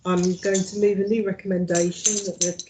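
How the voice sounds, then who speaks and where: A woman chairing a council committee meeting, speaking in formal, brisk procedural phrases. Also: mid-range voice, little pitch movement, noisy background.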